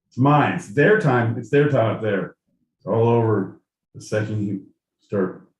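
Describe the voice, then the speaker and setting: A man's voice: lowish voice, recorded from a distance. Ranting, profane man in an echoey room. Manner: profane, ranting, mock-outraged. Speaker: podcast co-host. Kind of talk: casual podcast chat. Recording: echoey room with faint noise.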